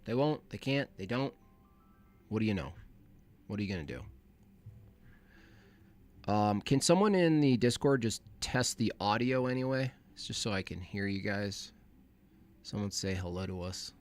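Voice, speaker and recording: Setting up his call-in livestream, this host rambles to himself in a casual, laid-back way. He speaks at a moderate pace on the low side with lively intonation, leaving long pauses.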